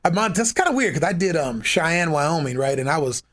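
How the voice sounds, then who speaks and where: Man, from Seattle, podcast guest, casual chat, blunt profane storytelling, raised pitch. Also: expressive, a little fast, fairly bright tone. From Seattle, USA. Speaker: guest musician.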